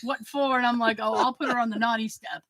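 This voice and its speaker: A woman podcast host telling a story in casual chat, acting out the quoted dialogue with lively emphasis. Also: fairly high pitch, quick pace, rough recording. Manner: animated, acts out quoted dialogue.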